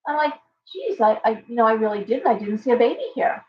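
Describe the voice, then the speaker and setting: A woman's voice: a little high, lively intonation, a little fast, muffled recording, slight background noise. Woman telling shop stories on a live stream. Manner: rambling storytelling, acts out clients' lines. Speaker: tarot reader and shop owner hosting a live stream. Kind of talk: casual live-stream chat.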